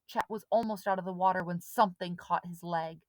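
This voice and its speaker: A woman reading a children's storybook aloud with steady, dramatic pacing. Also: fairly low pitch, a little fast, no echo. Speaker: audiobook reader. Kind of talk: storybook narration.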